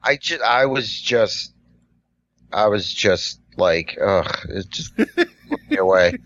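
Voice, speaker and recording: A man's voice: on the low side, slow pace, muffled recording. A middle-aged man telling a work story in casual chat, rambling with lots of "like" and restarts. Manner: rambling, full of "like" and restarts, animated. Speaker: podcast co-host and coffee shop worker.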